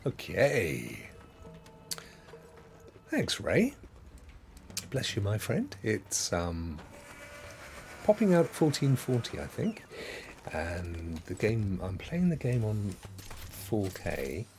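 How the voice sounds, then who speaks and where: A man's voice: lowish voice, big pitch swings, takes it slowly, pauses often, a little mellow, slight background noise. A man streaming a video game, chatting in a rambling way with frequent laughs. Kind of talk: casual gameplay commentary.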